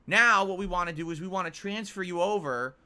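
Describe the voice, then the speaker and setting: A man's voice: high-pitched, fairly quick, sharp tone, clean tone. A man streaming, exasperatedly retelling a long customer service ordeal. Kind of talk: venting story on a livestream.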